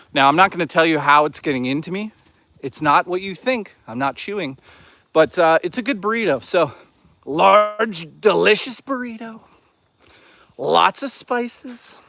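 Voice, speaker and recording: A man's voice: a little high, fairly bright tone, no echo. Crude joking man on a woodland walk. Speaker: streamer. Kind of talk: casual live-stream chat while walking. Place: outdoors in the woods.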